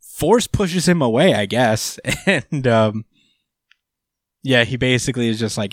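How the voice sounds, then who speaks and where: A man's voice: mid-range voice, a little slow, pauses often, no echo, studio quality. A man hosting a casual recap chat, laid-back, swearing freely, laughing often, with lots of fillers.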